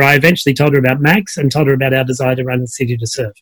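A man's voice: mid-range voice, rapid-fire, no echo. A middle-aged man with an Australian accent, a coach chatting casually on a video call with many fillers. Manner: relaxed storyteller, many fillers. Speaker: guest coach. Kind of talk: casual conversation.

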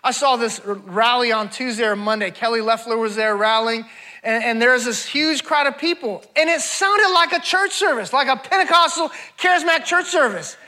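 A male preacher with a strikingly high, bright and forceful voice delivers a sermon to a congregation. He talks animatedly, fires rhetorical questions at the crowd and calls them "y'all." His delivery swings between near-shouted peaks and quiet, calm stretches. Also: normal speed. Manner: animated preaching, rising to near-shouts then dropping low. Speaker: traveling preacher.

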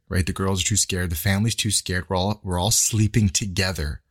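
A man with a somewhat low voice co-hosts a podcast in relaxed, casual conversation. He talks enthusiastically, drops swear words, and often checks in with "right?" and "like.". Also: moderate pace, few pauses, breathy edge. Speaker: podcast co-host. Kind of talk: casual chat.

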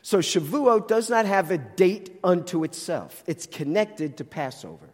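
High-voiced preacher with a Jersey accent. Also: male voice, sing-song, unhurried, in a large hall. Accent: New Jersey. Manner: explanatory, with rhetorical questions. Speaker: Bible teacher. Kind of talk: sermon.

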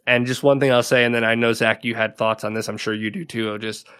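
A man's voice: mid-range voice, fairly even intonation, quick pace, fairly bright tone, clean tone. A man co-hosting a podcast, casually recapping a TV episode with lots of "like" and frequent laughs. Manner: chatty, laughs often, leans on "like" a lot. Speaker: podcast co-host.

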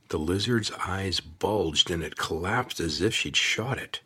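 A man narrating an audiobook in a steady, measured storytelling voice. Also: low voice, slightly rough.

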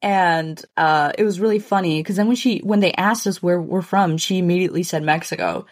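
A woman's voice: on the low side, a little fast, no echo. A woman co-hosting a podcast, telling a rambling story with dry, self-mocking humor in a casual chat. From Chicago. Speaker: podcast co-host.

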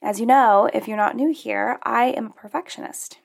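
A woman's voice: on the high side, normal speed, creaky. A young adult woman hosting her own podcast, talking in a chatty, upbeat and self-reflective way. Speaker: podcast host. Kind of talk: casual solo podcast talk.

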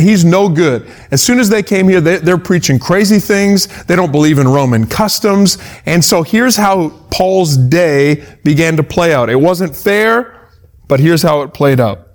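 Conversational man preaching, slightly higher voice. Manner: conversational, repeats words when starting phrases; acts out quoted voices in asides. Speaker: pastor. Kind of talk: sermon.

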